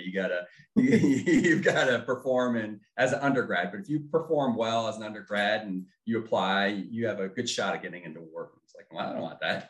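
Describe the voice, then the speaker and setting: A middle-aged former Army officer tells his story in an interview, speaking haltingly with many fillers and restarts. His voice is low, and the recording has the echo of a reverberant room.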